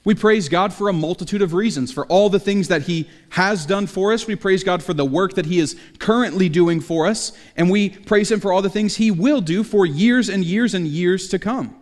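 A man's voice: high-pitched, moderate pace, hardly any pauses, big-room sound. A man preaching a sermon in a conversational way, with jokey asides. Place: church sanctuary.

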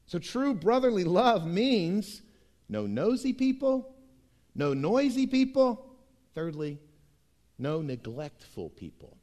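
Lively, emphatic male preacher. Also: high-pitched, slow pace. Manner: emphatic preaching, swinging between hushed and loud. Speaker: pastor. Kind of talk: sermon.

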